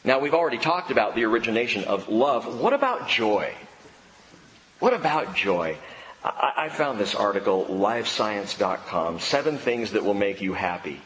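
A male pastor preaching a sermon, swinging between loud emphatic peaks and quiet low drops, with dry humor. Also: animated, moderate pace, a little hiss or hum. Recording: long hall reverb, faint ambience.

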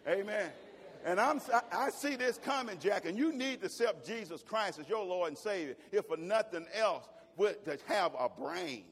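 A male pastor preaching a sermon in a church, switching between shouted exclamations and folksy jokes. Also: sits high, lively intonation, moderate pace. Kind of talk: fiery sermon. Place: church sanctuary. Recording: long church-hall reverb.

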